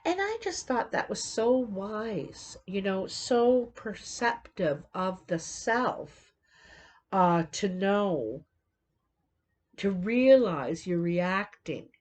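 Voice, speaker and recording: A woman's voice: medium pitch, sing-song, extremely slow, darkish tone. A middle-aged woman giving an unscripted tarot reading, meandering with many fillers and restarts. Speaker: tarot reader.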